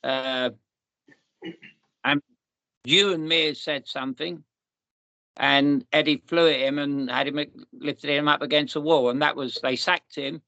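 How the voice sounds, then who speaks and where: Older man, bright dry voice. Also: a little high, steady tone, unhurried, vocal fry, long pauses, no room sound, lo-fi sound. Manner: rambling, restarts and repeats, storytelling. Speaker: podcast host. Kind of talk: casual reminiscing chat.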